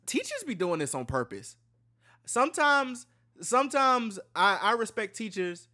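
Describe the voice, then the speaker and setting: A young man hosts a casual reaction stream. His voice sits high and bright, and he lurches from loud, cursing rants down to quiet mumbles. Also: big pitch swings, measured pace. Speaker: reaction video host.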